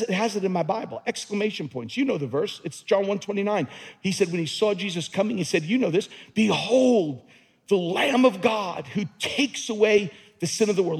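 A man preaching in a church with a high, husky voice that leaps up and down. He swings between quiet, intimate moments and ringing shouts, and his words trail off into a long hall reverb. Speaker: pastor. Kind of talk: sermon.

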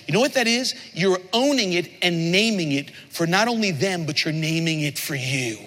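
Animated pastor preaching in a hall. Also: male voice, high voice, a little fast, hardly any pauses. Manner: animated, playful, with sudden emphatic outbursts. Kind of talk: sermon. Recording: long hall reverb.

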